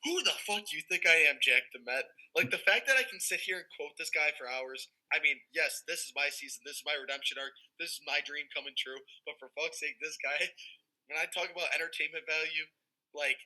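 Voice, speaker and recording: A young man chatting casually as a podcast panelist, telling animated stories full of fillers and swearing. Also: fairly high pitch, brisk, low-quality recording. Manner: animated storytelling, heavy "like" fillers, swears freely. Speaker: podcast panelist, former player. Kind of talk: casual chat.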